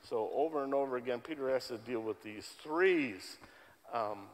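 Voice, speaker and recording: A man's voice: medium pitch, moderate pace. A male pastor preaching a sermon to a congregation in a church, emphatic and repeating key words for stress. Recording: long hall reverb.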